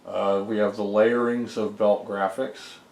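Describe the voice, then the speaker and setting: Low-voiced man rambling through his code. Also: level tone, measured pace, vocal fry, a little mellow, echoey room. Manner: rambling, explains code step by step with fillers. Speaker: homebrew game developer. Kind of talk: casual screen-recorded dev vlog.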